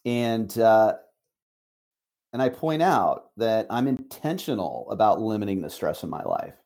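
A middle-aged man, a managing broker, giving an emphatic motivational talk on a call, repeating key phrases with slow, deliberate stress. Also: lowish voice, very animated, gravelly, a little mellow.

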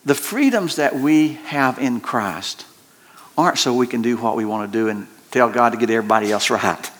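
A male pastor preaches in a folksy, storytelling manner. His voice sits at a middle pitch and climbs high when he gets excited, with laughter breaking into his sentences. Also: moderate pace. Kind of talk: sermon.

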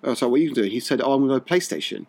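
A man's voice: mid-range voice, expressive, very fast, a little mellow. A man co-hosting a podcast, chatting casually and teasing his co-host with frequent laughs. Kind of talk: casual chat.

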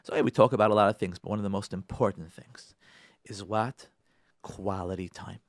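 A rabbi hosting a radio talk show, speaking on Torah and marriage and repeating key phrases for emphasis. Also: male voice, fairly low pitch, fairly quick, no echo, clean studio sound.

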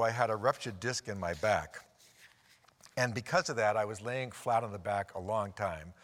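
A middle-aged man delivers a sermon in a storytelling way. His voice sits a little low, and he drops his pace to press key words home. A long reverb trails his voice through a church hall. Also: fairly bright tone. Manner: storytelling, slows down for emphasis. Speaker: preacher.

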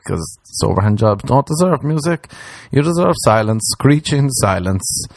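A man from Ireland with an Irish accent, doing a crude comedic monologue that rambles and jumps into silly squeaky voices. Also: a little mellow, dry recording.

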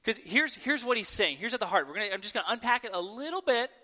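A man preaching a sermon to his church in a lively, conversational way, acting out quoted voices. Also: sits high, fast. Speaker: pastor. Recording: long hall reverb.

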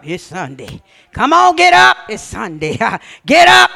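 A woman preacher delivering an exuberant Pentecostal-style sermon, calling out to the congregation, swinging between shouts and hushed scripture reading. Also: high voice, sing-song, normal speed, creaky. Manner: calls out and has the congregation repeat lines.

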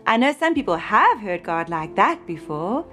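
Expressive woman telling children's stories. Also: mid-range voice, normal speed, over music. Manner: warm, expressive, gentle. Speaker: storyteller. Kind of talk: children's Bible storytelling.

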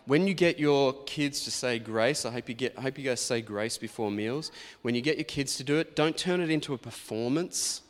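A man in his forties, a pastor giving a sermon in a chatty, anecdotal storytelling manner. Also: medium pitch. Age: 40s. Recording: long reverb of a large hall.

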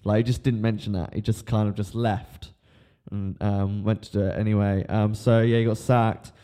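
A man's voice: lowish voice, level tone, normal speed, warm tone, clear, resonant tone. Rambling, laughing man hosting a podcast. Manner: rambling, laughing, swearing, lots of ums. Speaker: podcast host. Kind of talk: casual podcast chat.

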